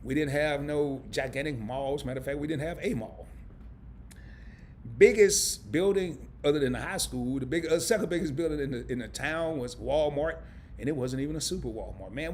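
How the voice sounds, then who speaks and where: A middle-aged man from a small Arkansas town hosts a live stream indoors under camera lights, chatting casually in a joking, rambling way. His voice is mid-range, with slight background noise.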